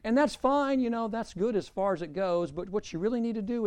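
Emphatic male preacher, slightly high voice. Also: a little fast, a little mellow, smooth. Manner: emphatic, repeats key phrases. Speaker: pastor. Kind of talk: sermon.

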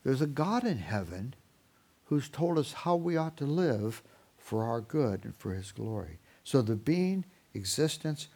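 A man's voice: mid-range voice, measured pace, husky. A middle-aged man speaking on Christian parenting in a sermon style, telling stories and acting out parents and children. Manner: animated storyteller, mimics parents and kids. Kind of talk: sermon-style talk with acted parent voices.

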